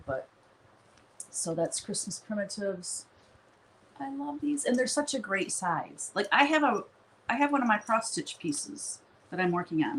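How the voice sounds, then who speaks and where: A woman's voice: on the low side, fairly bright tone, slight background noise, low-quality recording. A woman hosting a live stream from her studio, chatting casually in a rambling way and laughing often.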